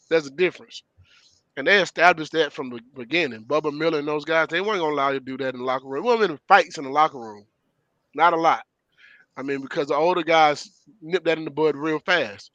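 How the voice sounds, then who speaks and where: A middle-aged man tells stories in a bright, forceful voice. He talks with emphasis and conviction, and his voice sits on the higher side. The recording is close and dry. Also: fast, dry recording, dull audio. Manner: storytelling, emphatic, laughs often. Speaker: former player and show regular. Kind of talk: casual sports talk.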